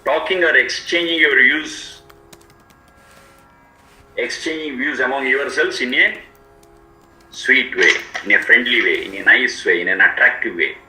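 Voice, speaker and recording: Man, bright sharp voice, patient word-by-word teacher, roomy echo, faint music behind. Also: mid-range voice. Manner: slow, repetitive word-by-word explanation. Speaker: Vedic teacher. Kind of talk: explanatory lecture.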